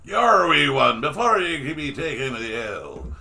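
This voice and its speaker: A man playing a tabletop game, speaking loudly and playfully in character. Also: fairly high pitch, sing-song, normal speed, gravelly. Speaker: player.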